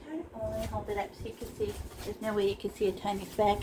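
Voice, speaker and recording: A woman's voice: fairly high pitch, fast, hardly any pauses, background noise. A woman teaching a casual painting lesson, playful and chatty, tossing in silly sound effects as she works in a small art room.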